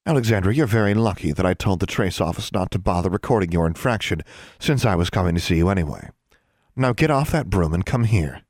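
A man voicing a stern, icy older female witch inquisitor, calm and clipped, in a dry, close recording. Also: sits low, fast, no echo. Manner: cold, clipped, calmly threatening. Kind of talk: audiobook character reading.

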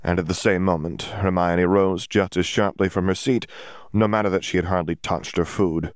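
Low-voiced male audiobook narrator. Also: fairly even intonation, normal speed, dry recording, studio quality. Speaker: audiobook reader. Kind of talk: scripted narration.

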